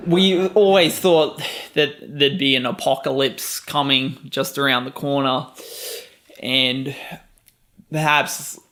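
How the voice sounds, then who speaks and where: A man's voice: mid-range voice, steady tone, bright, forceful tone. A man speaking reflectively in a documentary interview. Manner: reflective, unhurried.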